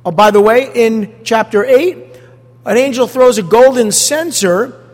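Speaking a bit slowly in a very high voice, a man preaches as pastor to his congregation. The hall sounds big, and his animated delivery is packed with rhetorical questions.

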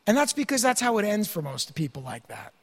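A man's voice: high voice, big pitch swings, fairly quick, husky, big-room sound. A man preaching a sermon, earnestly teaching and reading scripture aloud. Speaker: pastor.

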